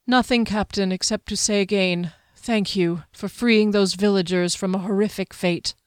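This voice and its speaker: A stern male lord questions his captain in a measured, probing tone, as a woman narrator puts him on. The voice is smooth and close, recorded dry. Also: mid-range voice, fairly even intonation, no echo, lightly acted.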